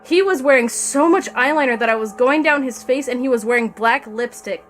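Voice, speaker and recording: A woman's voice: sits high, a little fast, faint music behind. A woman streamer reading a fan story aloud on stream, breaking off for sarcastic, profane asides to her chat. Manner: sarcastic, profane asides between read passages.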